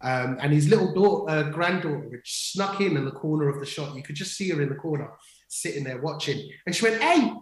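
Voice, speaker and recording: A man co-hosting a livestream tells stories in casual chat, restarting sentences constantly and peppering them with fillers. His voice runs on the high side and he talks briskly, with a roomy echo in the recording.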